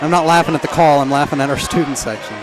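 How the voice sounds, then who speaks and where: A man calling a high school basketball game live, with quick excited play-by-play and sudden jumps in pitch. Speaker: play-by-play announcer. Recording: loud gym crowd and noise. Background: basketball crowd and bouncing balls.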